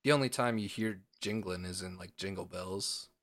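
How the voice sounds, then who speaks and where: A man's voice: deep voice, moderate pace, fairly bright tone. Playful rambling male podcast co-host. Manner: playful, rambling, lots of fillers. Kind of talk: casual podcast chat.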